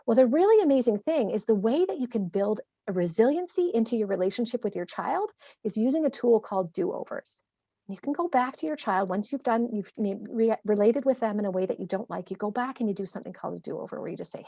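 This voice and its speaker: Fast-talking woman with gravelly fry. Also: mid-range voice, no echo, clean studio sound. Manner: animated, quick explaining with acted-out quotes. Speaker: parenting coach guest. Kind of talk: conversational interview.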